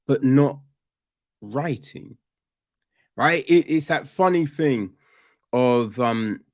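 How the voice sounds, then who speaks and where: A man chatting casually about a film on a podcast, rambling with restarts and asking "right?" often. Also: medium pitch. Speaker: podcast host, film reviewer. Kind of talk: casual chat.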